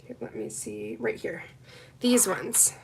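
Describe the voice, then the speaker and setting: A woman's voice: mid-range voice, a little slow, vocal fry, slightly rough. A woman hosting a live nail art unboxing, gushing and chatting with her viewers. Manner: gushing, excitable, chats with viewers. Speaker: nail art livestream host. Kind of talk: casual live unboxing chat.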